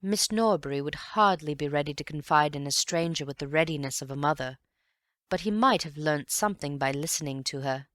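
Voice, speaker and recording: With a low voice, a woman reads an audiobook aloud, telling the story in a measured yet expressive way. The sound is clean studio audio, free of any room sound.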